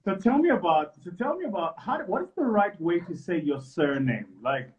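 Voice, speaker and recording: A man's voice: high-pitched, sing-song, normal speed, a little mellow. A man in a playful casual chat on a phone video call, teasing with questions and laughing often. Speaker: live chat host. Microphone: phone on a live video call. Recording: lo-fi livestream audio with faint noise.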